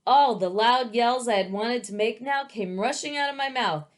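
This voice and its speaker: A woman reading as a gentle young dragon. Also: a little high, moderate pace, voice pushed up, lightly acted. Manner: earnest storybook telling. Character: young male dragon born from a painting, eager, gentle.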